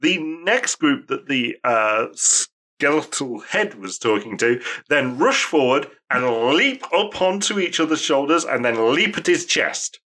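Lively bright-voiced male game master. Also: on the high side, a little slow. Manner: lively, laughing, profane storytelling. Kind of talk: narrating a tabletop game.

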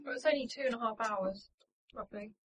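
A woman playing in a tabletop game, chiming in with quick questions and interjections. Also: fairly high pitch, low-quality recording. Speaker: player. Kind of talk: casual game chat.

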